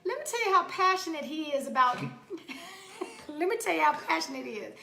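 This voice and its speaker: A woman hosting a talk show, telling stories in an animated, playful way and laughing often. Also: very high-pitched, moderate pace, vocal fry, roomy sound. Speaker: radio show host. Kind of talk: casual chat.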